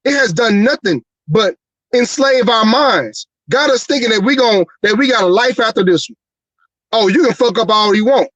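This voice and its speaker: A man's voice: high-pitched, expressive, normal speed, fairly bright tone, dry recording, lo-fi sound. A man hosting a livestream talk show, ranting with profane, heated rhetorical questions. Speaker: show host.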